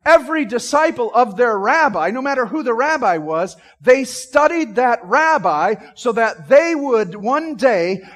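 A man preaches through a Bible chapter with lively energy, acting out scenes as he goes. He keeps turning to his listeners with questions. His voice sits high for a man. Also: unhurried, hardly any pauses. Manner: animated, acts out scenes; asks the audience questions. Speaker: Bible teacher. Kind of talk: sermon.

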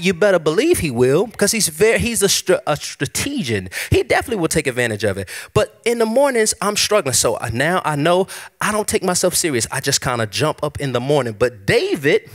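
Pastor, male, sermon delivery, higher voice, swings a lot in pitch, conversational and personal. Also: fairly quick. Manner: conversational preaching, animated and personal. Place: church service.

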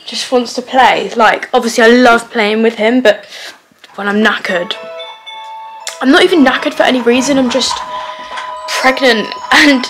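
Chatty young mum, fairly high voice. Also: female voice, moderate pace, long pauses, a bit bright, soft background music, rough recording. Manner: chatty and rambling, lots of "like". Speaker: vlogger, mum. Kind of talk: casual vlog chat to camera. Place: at home, indoors.

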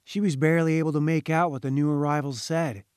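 A man reading a haunting short story aloud in a measured, ominous storytelling manner. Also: a little high, fairly even intonation, a little mellow, clear, resonant tone, dry recording, clean studio sound. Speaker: audiobook reader. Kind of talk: scripted narration.

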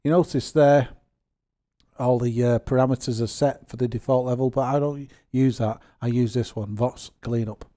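A man, hosting his gaming channel and chatting through a software tutorial, rambling and joking at his own expense. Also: mid-range voice, steady tone, normal speed. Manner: chatty and rambling, with self-deprecating jokes.

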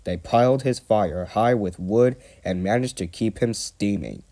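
Man reading a children's story, low pitch, slow, gentle, mellow. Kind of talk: storybook read-aloud.

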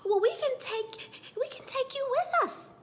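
Lady doing a super high squeaky gushy woman, way up top, all eager hospitality. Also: lively intonation, a little slow, a little hiss or hum. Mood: gushing.

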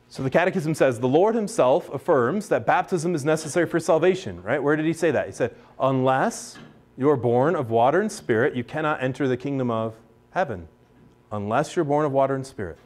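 A somewhat high-voiced American man, a priest, teaches a class in a relaxed, conversational way. He restarts his sentences often and slips into little acted-out voices when he quotes people. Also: normal speed. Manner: chatty, many restarts, acts out quoted voices.

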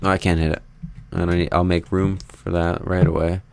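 Low, gravelly-voiced young man narrating gameplay. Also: flat delivery, a little fast. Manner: rambling, self-deprecating, talks to viewers while building. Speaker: Minecraft let's play host. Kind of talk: casual gameplay commentary.

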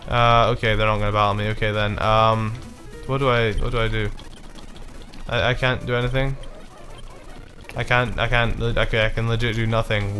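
Bright-voiced swearing game commentator man. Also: mid-range voice. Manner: rambling, swears often, frustrated and apologetic. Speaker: let's play gamer. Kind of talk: casual gameplay commentary.

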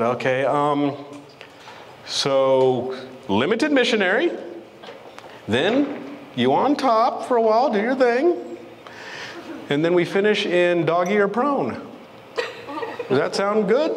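A man telling a story in a stand-up set, acting out both sides with big jumps in pitch. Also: sing-song, takes it slowly, pauses often. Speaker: stand-up comedian. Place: comedy club stage. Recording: live club audio with long reverb and noise. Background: audience laughter.

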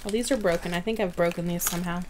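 A woman's voice: lowish voice, fairly even intonation, racing, noisy background. Chatty woman reading snack labels. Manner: chatty, reads package blurbs aloud. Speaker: co-host of a snack review show. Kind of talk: casual snack-tasting chat.

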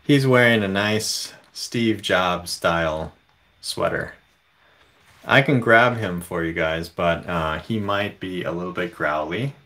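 A man hosting a casual livestream from home, reading viewer comments aloud in a relaxed way. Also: low-pitched. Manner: slow, relaxed, reads chat comments aloud. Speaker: livestream host.

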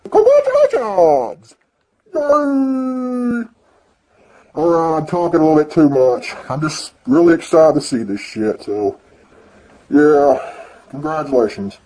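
A man ranting excitedly and profanely in a video reaction, swinging between yelling and mumbling. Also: a little high, normal speed. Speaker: vlogger.

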